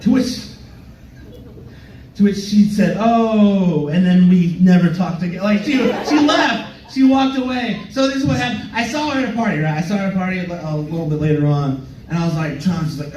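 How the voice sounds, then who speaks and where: Young male stand-up, playful and self-mocking, high-pitched, echoey live-room mic with faint club ambience. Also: fairly quick, a little mellow, slight background noise. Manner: playful, self-mocking, slips into goofy voices. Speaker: stand-up comedian. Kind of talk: stand-up comedy set. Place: comedy club stage. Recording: roomy club sound from a distance.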